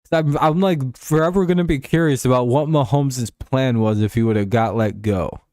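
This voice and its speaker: A man talks sports off the cuff on his stream, rambling and swearing freely, often breaking into a chuckle as he answers his viewers. His voice sits at an ordinary middle pitch. The sound is dry and close, with no room echo. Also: normal speed, mellow. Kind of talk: casual livestream sports chat.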